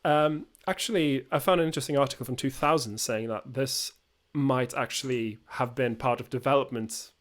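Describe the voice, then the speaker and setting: A man's voice: medium pitch, moderate pace, hardly any pauses. A young man from Norway, a native Norwegian speaker, co-hosting a casual chat in English, explaining things with frequent fillers. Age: young adult. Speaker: podcast co-host.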